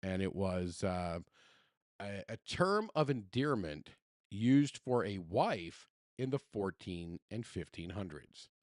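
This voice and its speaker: A man's voice: deep voice, slow pace, no echo, studio quality. A middle-aged man with a Southern American accent, co-hosting a podcast in casual chat, telling stories with lots of laughs and restarts. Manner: animated, laughing storyteller with many restarts. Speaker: podcast co-host.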